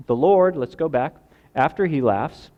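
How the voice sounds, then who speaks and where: A male pastor preaching a sermon, acting out voices and swinging from loud outbursts to hushed lines. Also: on the high side, lively intonation, unhurried, phone-quality sound. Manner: dramatic, acts out quoted voices, swings from loud to quiet.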